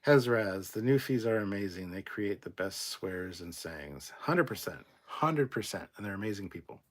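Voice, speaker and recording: A man hosting a casual livestream, reading viewer comments aloud and adding quick, swearing asides. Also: fairly low pitch, animated. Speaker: livestream host reading chat.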